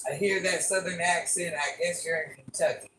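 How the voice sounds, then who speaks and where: A woman's voice: fairly low pitch, moderate pace, fairly bright tone, slight background noise. An older woman hosting a casual live stream, chatting with viewers and repeating requests to like and subscribe. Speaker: livestream host. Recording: echoey room, voice from far off.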